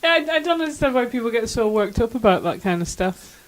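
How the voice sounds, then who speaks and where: Co-host, low-key, mild, easygoing, casual chat. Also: very animated, a little fast. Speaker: podcast co-host.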